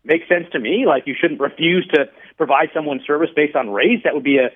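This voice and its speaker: Man explaining policy over a tinny phone line. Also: on the high side. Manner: measured, explanatory, tells stories to make points. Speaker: radio guest, regulatory commissioner. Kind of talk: phone-in radio interview.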